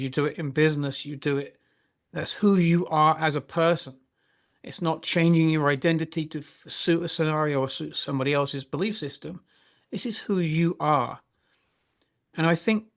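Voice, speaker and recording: Reflective man hosting a podcast. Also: on the high side. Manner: reflective, praising, asks long questions. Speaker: podcast host. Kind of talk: interview chat.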